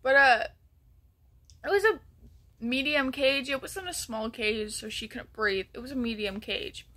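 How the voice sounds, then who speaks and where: A woman's voice: on the high side, unhurried, bright, forceful tone. A woman telling a story in a casual vlog, rambling with many ums and restarts and sometimes dropping to a near whisper. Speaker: vlogger.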